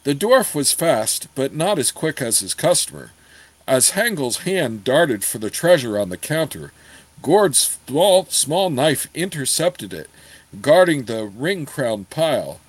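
A man reading a fantasy novel aloud in a steady storytelling manner. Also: a little high, unhurried, no echo, low-quality recording. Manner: steady storytelling, apologizes for page turns. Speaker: audiobook reader.

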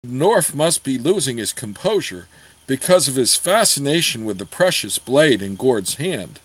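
Guy reading a fantasy book out loud, steady and expressive, lots of pitch movement, dry sound. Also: moderate pace, no echo, poor audio. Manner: steady storytelling, apologizes for page turns. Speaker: audiobook reader. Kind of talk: reading a fantasy novel aloud.

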